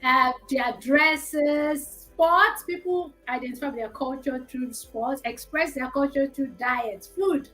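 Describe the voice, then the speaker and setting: A woman with a Nigerian accent leads a relaxed teaching discussion, with a fairly high voice. She explains patiently and cracks jokes along the way. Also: takes it slowly, hardly any pauses, faint music behind, low-quality recording. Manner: chatty, explaining, joking. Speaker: host. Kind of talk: casual educational discussion.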